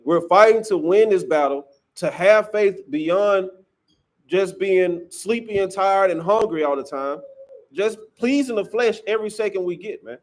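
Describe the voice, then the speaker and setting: A man's voice: high-pitched, measured pace. A man teaching scripture to a class in an emphatic, preachy way, often ending lines with "man".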